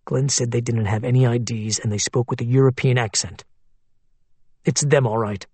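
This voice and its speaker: An anxious man on the run speaks low and hushed, voiced by a male narrator. His voice is husky and tense. The recording is dry and close. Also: fairly even intonation, normal speed, no room sound, natural voice.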